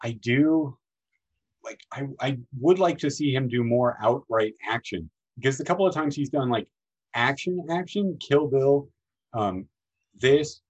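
A man hosting a podcast, talking casually about a film in a rambling, animated way, often acting out lines in a raised voice. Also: medium pitch, a little slow, slightly rough, lo-fi sound. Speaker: podcast host.

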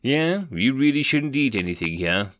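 A wry young human man, defiant and sarcastic, with a lively pitch and a smooth, clear tone, as a male narrator plays him. The voice sits close and dry. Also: normal speed, no room sound. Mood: sardonic. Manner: sarcastic and icy.

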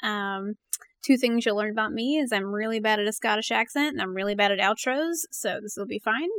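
A woman player chatting casually, nervous and giggly, often trailing off quietly. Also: mid-range voice, brisk, no room sound. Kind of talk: casual chat.

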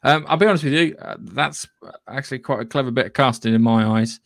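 Podcast guy, gravelly voice, swears a lot, rambles on. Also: mid-range voice, quick pace, fairly bright tone, no room sound. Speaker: podcast co-host. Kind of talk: casual chat.

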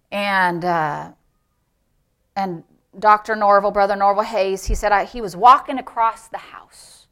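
Her voice sits at medium pitch. She's a middle-aged pastor giving a sermon that alternates between forceful, loud outbursts and quiet, nearly whispered stories.

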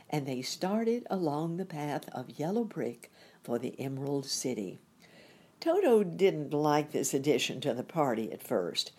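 Woman narrator, storybook reading, low creaky voice, husky. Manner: slow, expressive, measured reading. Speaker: audiobook narrator.

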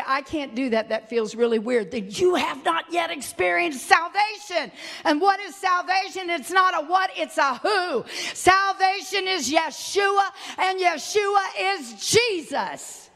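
Fervent high-voiced woman preaching. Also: in a large hall. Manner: fervent, shouting praise, mock dialogue with listeners. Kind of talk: sermon.

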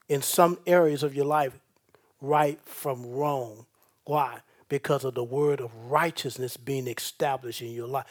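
A man preaching a sermon as pastor, swinging between loud bursts and soft, folksy comfort aimed straight at his listeners. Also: a little high.

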